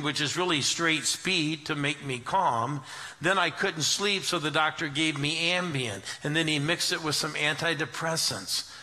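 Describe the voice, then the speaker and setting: A middle-aged man, a pastor, telling his story in a sermon in an earnest way and going quiet when he quotes others. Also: fairly high pitch. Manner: earnest storytelling, drops to hushed tones for quotes. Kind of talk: sermon testimony.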